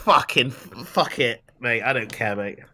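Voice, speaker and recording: A man's voice: mid-range voice, animated, measured pace, sharp tone. Young man bantering in a mock British style. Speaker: podcast guest. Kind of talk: casual banter.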